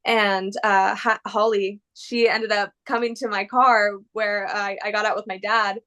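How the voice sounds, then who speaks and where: A woman's voice: medium pitch, steady tone, unhurried, a bit bright. A woman actress answering interview questions in a casual, rambling and gushing way, full of fillers. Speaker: actress guest.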